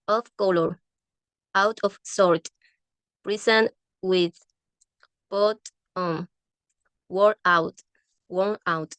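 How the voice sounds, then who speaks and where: A woman reading a medical English textbook aloud, halting and often restarting words. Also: mid-range voice, no room sound.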